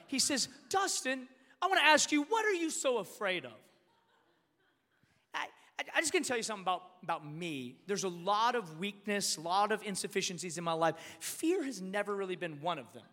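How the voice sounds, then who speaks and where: A man preaching a storytelling sermon, animated and emphatic, repeating words and rising to shouts at his peaks. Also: high-pitched. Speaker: pastor. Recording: long hall reverb.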